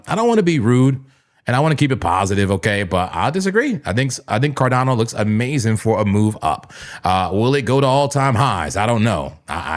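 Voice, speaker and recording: A man hosting a live crypto trading stream, talking through charts in a loose, chuckling way and slipping into a mock preacher's call-and-response. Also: lowish voice. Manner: animated, preachy mock-sermon bursts with chuckles. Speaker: crypto trading livestream host.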